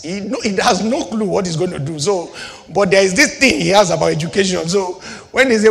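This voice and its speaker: A man's voice: sits high, animated, a little fast, vocal fry, a bit bright. A middle-aged male pastor preaching a sermon, asking rhetorical questions and building and dropping his intensity, in a church hall. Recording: long hall reverb.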